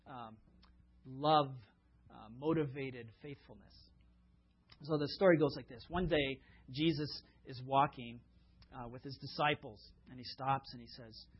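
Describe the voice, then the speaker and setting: A man's voice: on the high side, husky. A man preaching a sermon in a conversational way, with fillers, stories and rhetorical questions, on a dull lo-fi recording. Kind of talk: sermon with storytelling.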